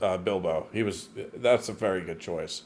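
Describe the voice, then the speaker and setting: A man co-hosting a casual movie review chat, blunt and swearing, his sentences trailing off quietly. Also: low voice, normal speed, slight background noise. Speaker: podcast co-host.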